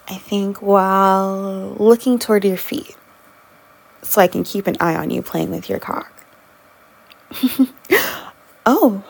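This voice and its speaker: A woman performing an intimate audio role-play, talking in a soft, teasing way with frequent giggles. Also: medium pitch, breathy edge.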